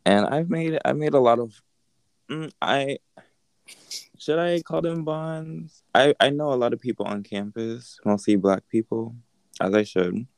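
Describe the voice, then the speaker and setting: A man's voice: medium pitch, a little slow, clear, resonant tone, no room sound. A young man co-hosting a podcast, speaking hesitantly in a casual chat. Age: young adult. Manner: hesitant, with many ums and restarts. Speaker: podcast co-host.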